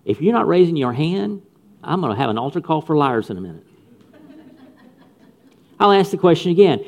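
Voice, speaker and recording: A man's voice: fairly high pitch, animated, moderate pace, a little mellow. A man preaching a sermon with punchy humor and repeated phrases for emphasis. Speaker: pastor.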